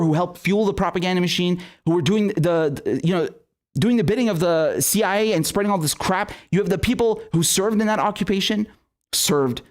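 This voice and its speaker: High-pitched and furious, a young political commentary host delivers an angry livestream rant packed with swearing. He stumbles into frequent stammered restarts and reads his viewers' super chats out loud.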